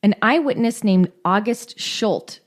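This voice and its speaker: A woman's voice: medium pitch, animated, a little slow. A woman co-hosting a podcast, reading case details in a casual true-crime storytelling style with joking, irreverent asides. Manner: reads case notes with joking asides and profanity. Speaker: podcast co-host.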